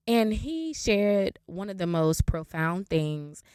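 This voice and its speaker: A woman, hosting a podcast and telling a story in a casual, animated way. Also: medium pitch, measured pace, hardly any pauses, smooth, dry recording, studio quality. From Raleigh, North Carolina. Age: 20s. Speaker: podcast host. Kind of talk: casual story time monologue.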